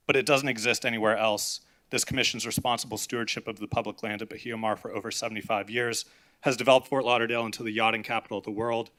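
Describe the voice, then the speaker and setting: A man's voice: medium pitch, fairly bright tone. A young man giving an urgent, impassioned public comment at a city meeting, reading a prepared statement.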